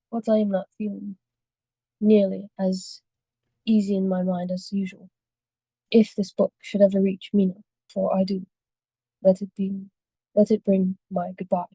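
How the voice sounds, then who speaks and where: A woman reading a novel aloud for a book club, steady but with small slips and self-corrections. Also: mid-range voice, a little slow, long pauses, no room sound, low-quality recording.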